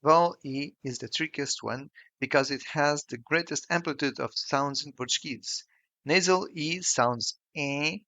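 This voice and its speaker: A man narrating a scripted pronunciation lesson, slowing down to model each example sound with care. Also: fairly high pitch, sharp tone, no echo. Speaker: language tutor. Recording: dull, lo-fi and dry voice-over.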